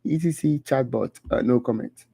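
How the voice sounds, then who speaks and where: A man's voice: mid-range voice, moderate pace, gravelly, mellow, slightly rough, no echo. A man hosting a casual solo stream, reading through a list of items with many fillers and restarts, his throat dry and his voice giving out. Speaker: crypto channel host. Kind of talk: casual solo livestream commentary.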